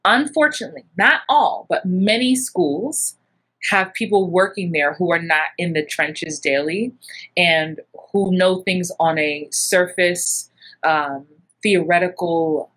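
Middle-aged woman, acting coach, lively chatty teaching voice that jumps high in acted-out bits. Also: slow. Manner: animated, acts out little scenes with big jumps in pitch. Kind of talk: casual coaching talk.

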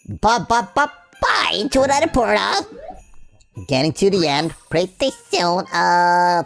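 A Swedish-accented woman giving jokey let's-play commentary, swinging between squeals and low mutters. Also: big pitch swings, unhurried, gravelly. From Sweden. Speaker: gaming channel host. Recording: faint game music behind.

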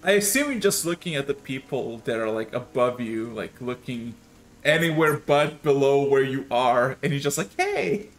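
A man's voice: medium pitch, normal speed. A man running a tabletop game as game master, narrating scenes in a rambling, hesitant way with many fillers.

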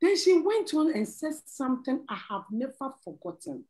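A woman's voice: high-pitched, very animated, moderate pace, a little mellow, rough recording. A middle-aged woman, sharing a testimony on a church talk show and earnestly pleading with listeners, often breaking into laughter. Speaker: panel guest.

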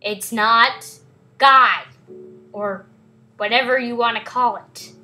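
A giddy woman hosts a casual gameplay video, giggling and goofing off. Her voice is high and bright, and she takes her time over the words. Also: steady tone, slow pace, faint music behind, rough recording. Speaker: game video host.

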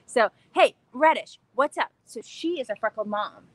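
A young woman hosting a casual craft-channel livestream from her backyard, bubbly and excited, chatting in a scattered, rambling way. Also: on the high side, moderate pace, no echo. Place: backyard, outdoors.

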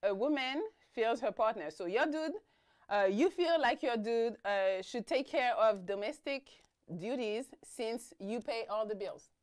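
A woman's voice: on the high side, animated, a little slow. A woman hosting a casual live-streamed talk show, chatty and laughing, wearing a mic. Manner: chatty, laughing, talks over her guest. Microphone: mic'd up.

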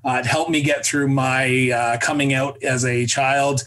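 Male interview host, mid-pitched, halting, sets up questions with dates and facts. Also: level tone, a bit bright, a little hiss or hum. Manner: halting, stacks up "uh" and restarts before reading out facts.

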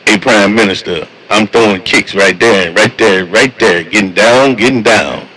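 A man's voice: fairly low pitch, normal speed, bright, forceful tone, low-quality recording. A man talking with fellow truckers over CB radio in a laid-back, slangy way, repeating his catchphrases. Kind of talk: casual CB radio chat.

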